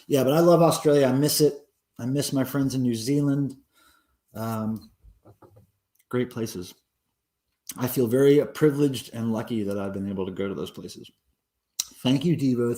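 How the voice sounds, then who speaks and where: A man's voice: medium pitch, moderate pace, pauses often, dark tone. A man hosting a casual livestream, rambling and answering viewer comments with lots of ums and uhs. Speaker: livestream host.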